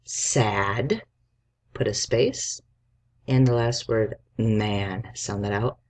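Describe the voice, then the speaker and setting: A man's voice: lowish voice, steady tone, very slow. A male teacher giving a spelling lesson to young children, dictating words and patiently sounding out each letter.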